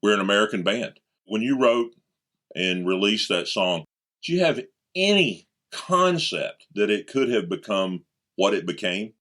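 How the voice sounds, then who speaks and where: A man's voice: on the low side, animated, unhurried, fairly bright tone. A man hosting an interview, asking enthusiastic, well-prepared questions. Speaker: interview host.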